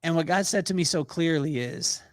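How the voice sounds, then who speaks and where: A middle-aged man, a podcast guest, telling stories in a casual, animated way, laughing often and acting out the voices of people he quotes. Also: on the high side, normal speed, no echo, clean studio sound. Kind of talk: storytelling in a casual interview.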